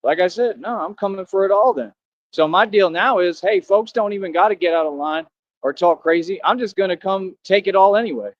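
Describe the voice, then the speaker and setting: A man's voice: sits high, fairly quick. A man talking to his viewers in a rambling, defiant, preachy monologue, repeating himself. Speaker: streamer. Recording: dull lo-fi sound.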